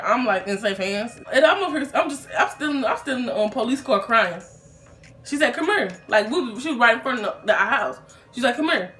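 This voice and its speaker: A woman's voice: on the high side, a bit bright. A young woman telling a casual storytime vlog in a chatty, rambling way, full of fillers and restarts.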